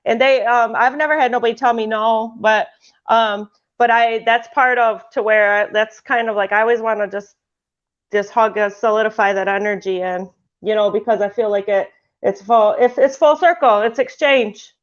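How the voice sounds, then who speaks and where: A woman's voice: on the high side, steady tone, normal speed. A woman hosting a casual spiritual chat podcast, talking in a rambling way with many restarts. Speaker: podcast host. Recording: muffled lo-fi sound.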